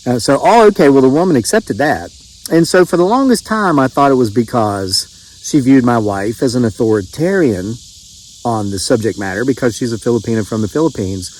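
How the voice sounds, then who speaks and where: A man's voice: mid-range voice, lively intonation, brisk, darkish tone, rough recording. Middle-aged West Virginia man telling a story. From West Virginia, USA. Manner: rambling, frequent restarts and quoted dialogue. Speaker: channel host telling a story. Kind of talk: casual storytelling monologue.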